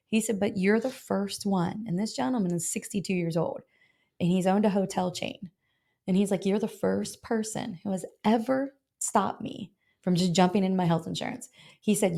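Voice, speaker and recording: Fast-talking woman broker telling stories. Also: medium pitch, gravelly. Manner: animated, acts out both sides of phone calls. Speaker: health insurance broker, guest. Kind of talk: casual interview storytelling.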